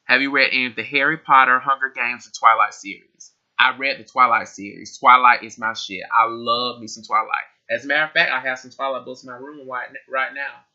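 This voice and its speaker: A man's voice: mid-range voice, fairly even intonation, brisk, hardly any pauses, sharp tone, dull audio. A young man answering questions in a casual tag video, chatty and laughing often as he repeats himself. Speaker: vlogger. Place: his room.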